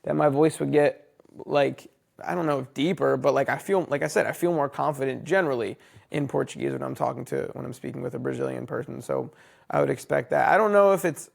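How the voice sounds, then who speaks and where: A man with an American accent, hosting a casual interview and thinking aloud in halting, restarting sentences. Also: mid-range voice, creaky. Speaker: host.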